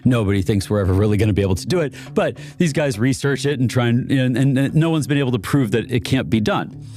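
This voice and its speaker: A man's voice: mid-range voice, lively intonation, fast talker, a little mellow, soft background music. A man being interviewed as an inventor and investor, telling stories casually and laughing often between phrases. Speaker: inventor and venture capitalist guest.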